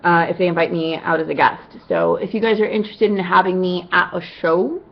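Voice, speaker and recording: A woman's voice: fairly low pitch, a little fast, highs cut off. A woman cosplayer answering fan questions in a casual vlog, chatty and upbeat with lots of "you know" asides.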